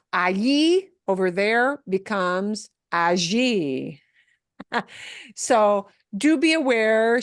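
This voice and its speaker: A woman teaching a Spanish class, explaining slowly, repeating words for learners and mixing English with Spanish phrases. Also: fairly high pitch, dry recording, clean studio sound. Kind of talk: recorded class lesson.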